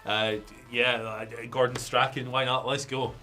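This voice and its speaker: A Scottish man co-hosting a casual news chat, trading dry jokes in a bright, forward voice that is a touch froggy from a cough. His delivery is plain and conversational, with faint music sitting quietly behind him. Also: medium pitch, little pitch movement, unhurried. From Scotland. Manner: dry, joking banter. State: slight cough, a bit froggy. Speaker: wrestling news co-host.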